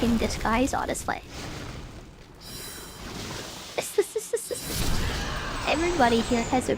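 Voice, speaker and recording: High, lively woman streaming a game. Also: background noise. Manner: chatty, filler-heavy, talks to chat. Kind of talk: casual gaming commentary.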